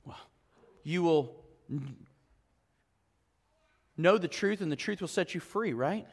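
A male pastor preaching a sermon in a conversational way, full of rhetorical questions, swinging from loud emphasis to quiet, low asides. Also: animated, slow, slightly rough, long reverb tail. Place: church sanctuary.

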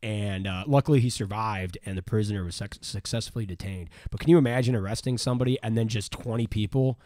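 A man's voice: on the low side, fast talker, dark tone, no echo. A man hosting a podcast, telling a local history story in a rambling way full of fillers and restarts. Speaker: podcast host. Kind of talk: casual history chat.

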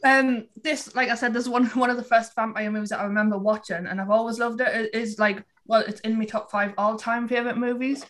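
A woman's voice: on the high side, fairly even intonation, fairly quick, few pauses, a bit bright. A woman guest in a casual podcast chat, upbeat and giggly.

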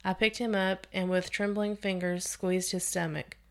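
A woman's voice: mid-range voice, flat delivery, moderate pace. A woman hosting a podcast, reading a scary story aloud with expression and sometimes restarting a phrase. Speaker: podcast host reading stories.

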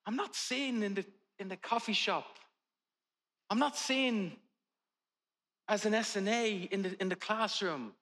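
A man's voice: high voice, measured pace, pauses often, fairly bright tone. A man, a pastor preaching a sermon in a conversational way with humorous family stories.

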